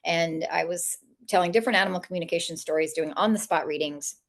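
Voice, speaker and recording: A woman, an author and animal communicator, telling funny stories in a lively way, laughing often and acting out the voices of people she quotes. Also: fairly low pitch, quick pace. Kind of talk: storytelling interview talk.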